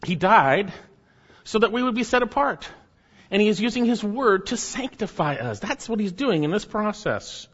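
A man's voice: high voice, very animated, moderate pace, a bit bright, slightly rough, long reverb tail, muffled recording. A man preaching a sermon emphatically, swelling up and then dropping to near murmurs. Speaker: pastor.

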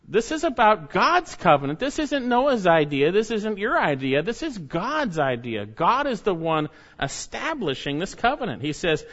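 A man's voice: high voice, very animated, normal speed, hardly any pauses. Emphatic preacher man, lo-fi sound. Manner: emphatic, restates phrases, rises and drops in loudness. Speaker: pastor. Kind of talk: expository sermon.

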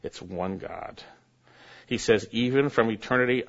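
A man preaching a sermon, reading scripture aloud and building to sudden emphatic rises in pitch and force. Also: moderate pace, a bit bright, highs cut off. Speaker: pastor.

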